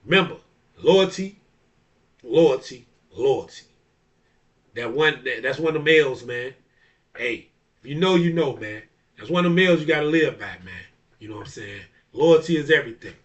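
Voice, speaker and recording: A man's voice: mid-range voice, expressive, normal speed, long pauses, far from the mic, muffled recording. A man, a barber and DJ, hosting a casual monologue in a blunt, profane style, laughing often. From Chicago area. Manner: blunt, profane, laughs often, repeats "you know what I'm saying". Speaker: barber and DJ hosting a talk video.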